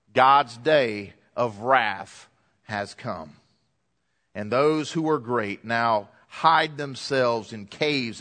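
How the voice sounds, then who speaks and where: Fervent male preacher in an echoey hall. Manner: swings between hushed lows and loud, emphatic climaxes. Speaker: pastor. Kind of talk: sermon. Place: church hall.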